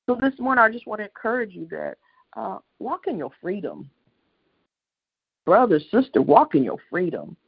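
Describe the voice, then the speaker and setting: Husky-voiced preacher, impassioned and repetitive, heard over a muffled phone line. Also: mid-range voice, very animated, normal speed. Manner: impassioned, repetitive, swells to loud peaks. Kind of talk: sermon on a prayer line.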